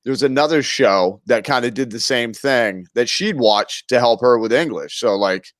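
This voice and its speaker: A laid-back middle-aged man co-hosting a podcast, talking in an average pitch. The recording is dry and close, with no room sound. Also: no echo. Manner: laid-back, quick agreeing interjections. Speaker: podcast co-host. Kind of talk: casual chat.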